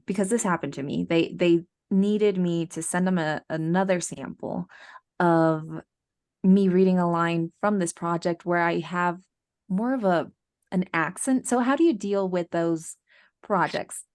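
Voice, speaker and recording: A woman's voice: fairly low pitch, measured pace. A woman co-hosting a podcast, asking a guest questions hesitantly and correcting herself as she goes. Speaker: podcast co-host. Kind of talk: casual chat.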